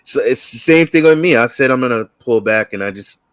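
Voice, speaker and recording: A man's voice: mid-range voice, lively intonation, a little fast, fairly bright tone, smooth, dry recording. A man guesting on a live-streamed chat show, talking in a laid-back, amused way.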